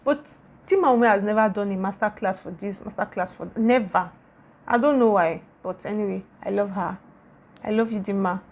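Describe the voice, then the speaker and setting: A young Nigerian woman with a Nigerian accent, talking casually in a vlog and gushing with warm, repetitive praise. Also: mid-range voice, moderate pace. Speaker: YouTuber.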